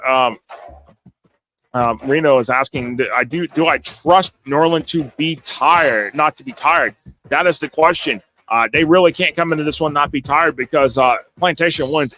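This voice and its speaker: An excitable male host of a live sports talk stream, with a slightly higher voice for a man. He stammers and repeats words, laughs often and chats back to his viewers. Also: a little hiss or hum.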